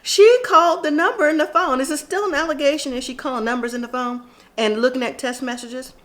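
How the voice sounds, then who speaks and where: A woman's voice: high voice, fairly even intonation, brisk, a bit bright. A woman casually recapping a reality TV episode, chatty and opinionated, talking straight to the people she watches. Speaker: TV recap vlogger.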